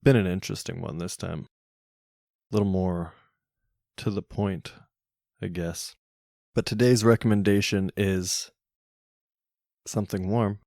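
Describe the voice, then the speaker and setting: Low gravelly man rambling on a podcast. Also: steady tone, measured pace, pauses often, a little mellow, dry recording, clean studio sound. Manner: rambling, jokey, self-mocking with crude humor. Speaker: podcast host. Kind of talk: solo casual podcast monologue.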